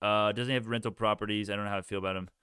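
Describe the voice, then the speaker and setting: A man's voice: on the low side, steady tone, racing, bright, forceful tone, clean tone, dry recording, clean studio sound. Rambling young man live-streaming stocks. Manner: rambling, talks to chat, restarts often. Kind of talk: casual livestream chat.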